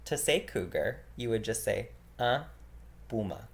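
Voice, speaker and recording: Relaxed man teaching beginner vocabulary. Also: lowish voice, creaky. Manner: relaxed, filler-heavy explaining, repeating each word slowly. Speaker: French teacher.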